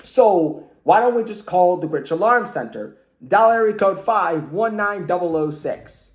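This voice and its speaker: A man's voice: high voice, animated, measured pace, roomy sound. A man doing a nagging cartoon kid. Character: restless young boy who keeps asking questions.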